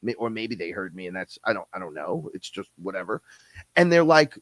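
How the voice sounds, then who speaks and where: A man ranting in a casual, blunt, profane way on a podcast, quick and heated, often slipping into imitations of other people. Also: low voice, very animated, a bit bright, dry recording. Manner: blunt, profane, fast-talking, mimics others. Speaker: podcast guest-host. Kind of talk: casual rant.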